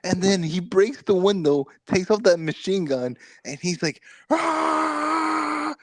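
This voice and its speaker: A man on a movie review podcast, retelling the plot in an animated, profane way with quick mock quotes. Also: sits high, dry recording, clean studio sound. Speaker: podcast co-host. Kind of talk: casual movie review chat.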